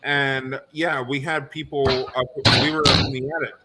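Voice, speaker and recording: A man's voice: medium pitch, flat delivery, moderate pace, heavy background noise. A man co-hosting a casual podcast, asking long questions full of fillers and restarts. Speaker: podcast co-host. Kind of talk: casual video podcast chat.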